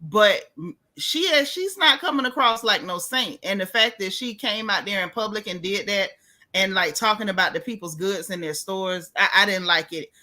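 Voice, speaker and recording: A woman hosting a casual gossip chat about reality TV, talking in an animated, sassy, emphatic way with frequent restarts. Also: medium pitch, normal speed. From United States. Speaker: host.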